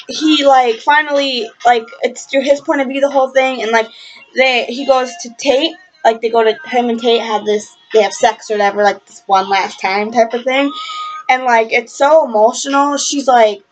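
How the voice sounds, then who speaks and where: A woman's voice: a little high, steady tone, moderate pace. A young woman casually reviewing a book in a vlog, gushing and rambling with lots of fillers, passionate and swearing freely. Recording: lo-fi webcam audio.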